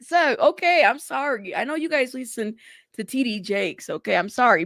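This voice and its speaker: Gravelly-voiced woman hosting transcript commentary. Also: fairly high pitch, expressive, moderate pace, fairly bright tone, no echo, clean studio sound. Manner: chatty, laughs often, talks directly to her viewers. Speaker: host of a news commentary channel. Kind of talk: reading court transcripts aloud with casual commentary.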